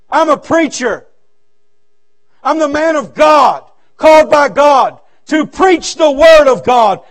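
A male pastor preaching a revival sermon in a church, swinging from loud shouts to low, quiet stretches.

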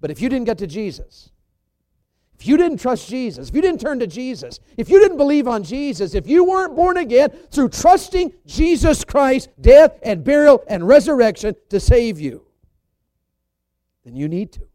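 A man delivers an emphatic church sermon in a notably high voice. His delivery swings from loud, pressing questions to quiet, gentle asides. The recording is dry and close. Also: very animated, moderate pace, dry recording. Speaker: evangelist preacher. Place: church service.

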